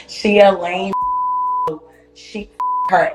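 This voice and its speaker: Woman, loud and profane storyteller on a live stream, roomy echo with music under her. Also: medium pitch, normal speed. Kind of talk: casual chat on a social media live stream.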